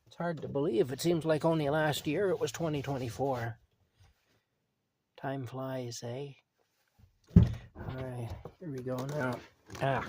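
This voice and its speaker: A man's voice: mid-range voice, gravelly, background noise. A man, chatting in a rambling, casual way outdoors in a rural yard at night and talking fondly to his cat. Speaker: vlogger.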